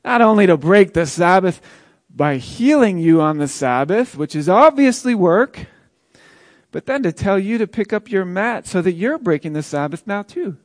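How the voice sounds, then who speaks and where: Man doing a stern religious elder, pompous, slow and scolding, high-pitched, dry sound. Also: animated, no room sound. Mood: indignant.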